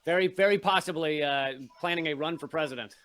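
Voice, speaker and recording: Male interview host, high pitch, easygoing and conversational. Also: a little fast, a bit bright, clean tone. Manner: conversational, agreeing, hesitant starts.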